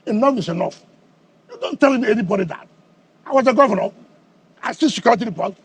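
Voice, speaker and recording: Nigerian man, politician, husky, high-pitched, combative, rhetorical questions. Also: lively intonation, fast. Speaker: politician being interviewed. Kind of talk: heated television interview.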